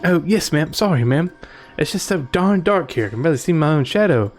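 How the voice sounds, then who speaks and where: A man's voice: fairly high pitch, animated, fairly quick, a little hiss or hum, pitched above the performer's own voice, close to an everyday voice. A man voicing a jittery young huntsman, stammering. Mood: nervous. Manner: stammering, jumpy. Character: jittery young male huntsman, nervous and eager.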